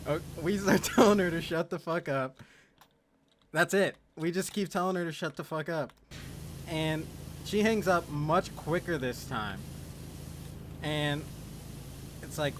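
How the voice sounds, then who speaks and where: A man's voice: fairly high pitch, lively intonation, a little slow, slight background noise. A man telling a story in a casual, rambling, self-mocking way, swearing freely, as a voice-over on gameplay. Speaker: gaming video creator.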